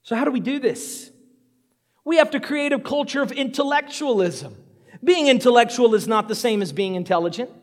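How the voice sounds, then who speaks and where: A man preaching a sermon in a church sanctuary. He talks with animation and acts out Bible scenes in quick voices. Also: extremely high pitch, big-room sound.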